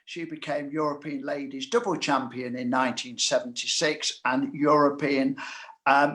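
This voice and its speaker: A man from Scotland hosts a club evening Q&A, introducing guests and asking questions. He speaks at a middle pitch for a man, often pausing on an "uh" between phrases. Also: fairly bright tone. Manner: introduces guests with frequent uh fillers. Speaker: host of club Q&A. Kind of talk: hosting a live Q&A.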